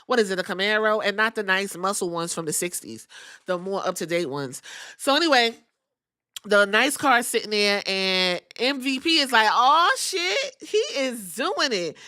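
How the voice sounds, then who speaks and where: A middle-aged woman hosting a podcast, recapping wrestling episodes in a casual, animated way, acting out quotes and swearing freely. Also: mid-range voice, normal speed, smooth. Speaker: podcast host.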